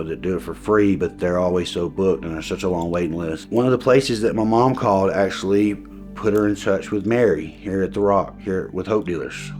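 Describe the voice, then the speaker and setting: A man telling his own story in a personal testimony, earnest and halting, restarting his sentences and at times emotional. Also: low-pitched, darkish tone.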